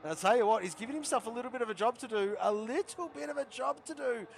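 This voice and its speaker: A man commentating a sim racing league, chatty and repeating himself, his voice hoarse and giving out. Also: very high-pitched, animated, fast, a little hiss or hum. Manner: chatty, repeats phrases, calls drivers by nicknames. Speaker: race commentator.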